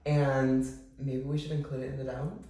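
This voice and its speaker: A man in his twenties co-hosting a podcast, chatting casually in an animated, dramatic way with lots of "like". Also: mid-range voice, normal speed. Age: 20s. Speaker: podcast co-host. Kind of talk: casual chat. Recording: echoey room, mic at a distance.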